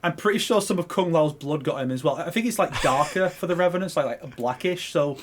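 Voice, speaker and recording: A man's voice: fairly high pitch, lively intonation, quick pace, slight background noise. A man co-hosting a casual film review podcast, rambling as he retells scenes. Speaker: podcast co-host.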